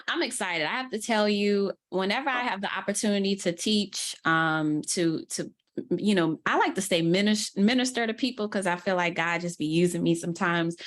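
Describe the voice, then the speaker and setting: A woman's voice: mid-range voice, fairly bright tone. Upbeat woman with a New Orleans accent. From New Orleans, USA. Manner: chatty, upbeat, laughs easily, Southern slang. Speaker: guest mentor, social media coach. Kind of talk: casual online class teaching.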